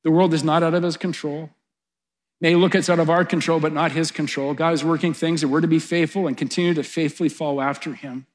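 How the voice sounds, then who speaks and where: Middle aged preacher guy, bit of a high voice, builds up loud then goes soft. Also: steady tone, fast. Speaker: pastor. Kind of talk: sermon.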